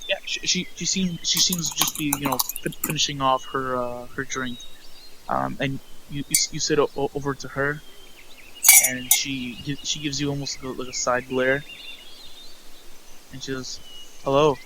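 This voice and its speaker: A man's voice: mid-range voice, steady tone, normal speed, very noisy. A man narrating a tabletop game as game master, often stammering and repeating words.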